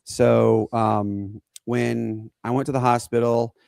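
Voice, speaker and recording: A man, co-hosting a podcast and telling a personal story in an earnest, halting way. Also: mid-range voice, flat delivery, vocal fry, a little mellow, no echo. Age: 40s. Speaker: podcast co-host.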